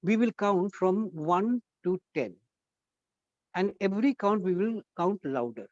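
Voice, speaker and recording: Coaxing high-voiced man teaching. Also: animated, unhurried, darkish tone, dry recording, muffled recording. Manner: coaxing, asks the class questions. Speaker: guest trainer at a college workshop. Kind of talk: interactive classroom talk.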